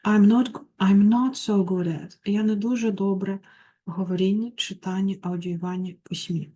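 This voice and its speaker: Mellow-voiced woman tutor. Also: medium pitch, steady tone, moderate pace. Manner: reads English phrases then translates them, with small slips. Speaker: English tutor. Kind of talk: textbook walkthrough, reading and translating.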